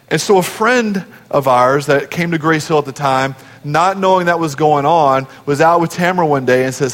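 A man's voice: fairly high pitch, moderate pace, few pauses, a bit bright, long reverb tail. A man preaching a sermon as pastor, telling a family story and acting out the quoted voices before building to emphatic peaks.

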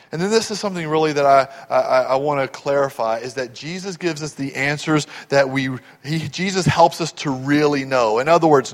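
In a large hall, a middle-aged male pastor with a mid-range voice preaches a sermon. He swings between hushed, tender asides and loud, rising build-ups.

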